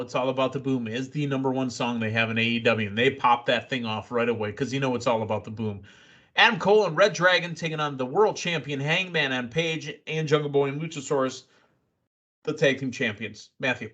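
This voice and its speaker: A man hosting a casual wrestling recap podcast, excitable and quick with asides and laughs. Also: mid-range voice, highs cut off. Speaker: podcast host.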